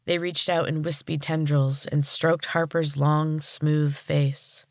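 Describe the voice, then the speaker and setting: A woman podcast host reading a story aloud in calm, even narration. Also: low voice, takes it slowly, no room sound, studio quality.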